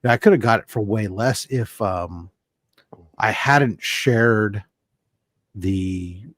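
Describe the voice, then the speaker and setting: Low-voiced man rambling on a video call. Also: slow, a bit bright, no room sound, studio quality. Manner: rambling, self-interrupting storyteller. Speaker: panel guest. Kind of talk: casual chat on a video hangout. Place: home, joined by video call.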